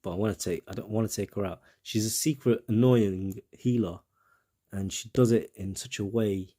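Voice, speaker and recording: A man's voice: on the low side, moderate pace, dark tone. A man with a British accent giving casual, rambling commentary on a game, with self-mocking asides.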